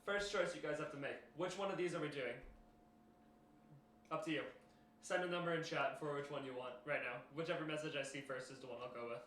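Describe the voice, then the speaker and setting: Young male streamer, bright raised voice, meandering casual chat with fillers, echoey room. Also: a little high, fairly quick. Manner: rambling, many fillers and restarts, addressing chat. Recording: roomy echo with faint noise.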